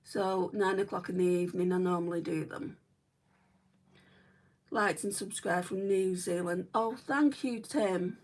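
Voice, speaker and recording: A woman's voice: fairly low pitch, fairly even intonation, a little slow, darkish tone. Chatty northern English woman, mic a bit far. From northwest England. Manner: chatty, rambling, fillers like "right" and "like". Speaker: beauty vlogger. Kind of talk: casual livestream chat while doing makeup.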